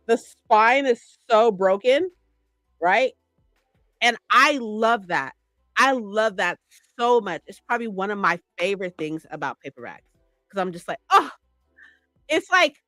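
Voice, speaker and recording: Gushing woman with a bright, close voice. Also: medium pitch, dry recording. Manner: gushing, rambling, many "like"s and "right?". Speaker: streamer. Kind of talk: casual livestream chat.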